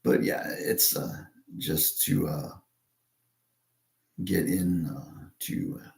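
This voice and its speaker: A low-pitched American man with a gravelly, creaky edge rambles through a casual monologue. He stops and restarts often, padding his talk with fillers. His voice rings in a noticeably echoey room. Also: fairly even intonation, a little mellow. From United States. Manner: halting, with many fillers and restarts.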